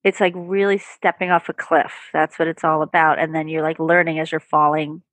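A woman's voice: low-pitched, flat delivery, brisk, a bit bright, no echo. A woman guest on a podcast, a therapist and performer, talking candidly and with animation, often laughing. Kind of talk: casual interview chat.

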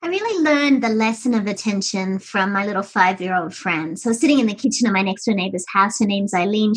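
A woman talking as a podcast guest, telling stories with lively, animated energy. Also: a little high, slightly rough, rough recording. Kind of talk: conversational storytelling.

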